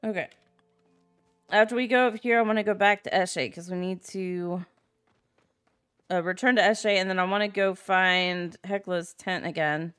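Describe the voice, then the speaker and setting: A woman's voice: fairly low pitch, fairly even intonation, normal speed, fairly bright tone, clear, resonant tone, faint music behind. Chatty woman narrating her gameplay. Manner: chatty, giggly, reads character lines aloud in her own voice. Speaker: gameplay video host. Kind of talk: casual let's-play commentary reading dialogue aloud.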